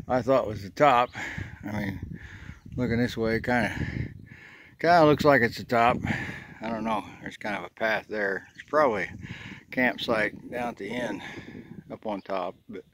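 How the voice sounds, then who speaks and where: A man's voice: fairly low pitch, a bit bright. A man, rambling and folksy as he vlogs outdoors on a ridge trail, short of breath from the climb. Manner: rambling, folksy, thinking aloud. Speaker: hiking vlogger. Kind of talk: casual vlog narration while hiking.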